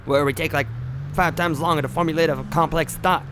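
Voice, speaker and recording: A man's voice: a little high, fairly even intonation, a little fast, background noise. A man streaming a driving game, talking in rambling, joking asides full of fillers. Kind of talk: casual gameplay commentary.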